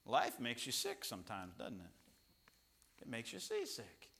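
A man preaching a sermon as pastor, chatty and rambling with asides, rising to loud, emphatic peaks. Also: mid-range voice, wildly swooping pitch, unhurried. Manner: conversational, rambling with asides and restarts.

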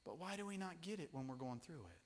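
A man, a pastor and father, preaching a sermon mixed with family stories, swinging from loud emphasis to hushed tones. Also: a little high, big pitch swings, fast talker. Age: young children at home, father.

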